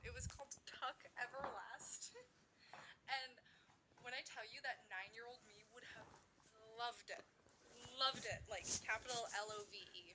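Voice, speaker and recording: A bubbly young woman in her twenties chatting with her livestream audience. Her voice is very bright and a little high. She rambles on, full of fillers. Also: slight background noise. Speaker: streamer. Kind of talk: casual livestream chat.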